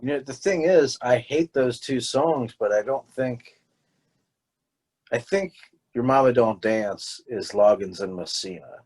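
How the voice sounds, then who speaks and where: A man's voice: mid-range voice, expressive, unhurried, a little mellow, breathy edge, low-quality recording. A young man co-hosting a casual podcast, rambling and swearing a lot, often restarting his sentences. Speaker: podcast co-host. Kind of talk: casual chat.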